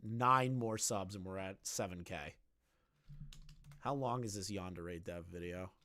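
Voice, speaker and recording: A man's voice: low-pitched, measured pace, bright, forceful tone. A young man streaming live, ranting bluntly with lots of swearing and repeated phrases.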